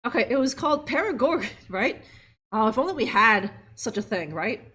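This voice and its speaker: A woman's voice: on the high side, big pitch swings, brisk, a bit bright, slightly rough. A woman streamer chatting casually and laughing as she plays a game live and talks to her viewers. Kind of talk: live gameplay commentary.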